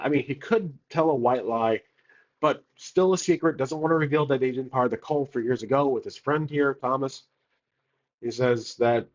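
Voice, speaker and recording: Man narrating solo tabletop game, rambling casual delivery, mid pitch, slightly muffled. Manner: rambling, thinking aloud with many fillers.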